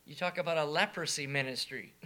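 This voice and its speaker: A man preaching a sermon in a very bright, ringing voice. He is emphatic and animated, dropping into quiet asides and then rising to loud, shouted declarations. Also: fairly high pitch, quick pace.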